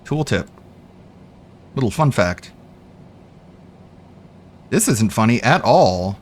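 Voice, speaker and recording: A man's voice: mid-range voice, very animated, slow. A man streaming live and mocking a gameplay video in casual, sarcastic commentary.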